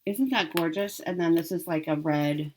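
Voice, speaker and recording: Chatty woman, slightly low voice. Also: moderate pace, darkish tone, slight background noise. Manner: chatty, upbeat, lots of ums and self-corrections. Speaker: cross-stitch vlogger. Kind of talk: casual chat to camera.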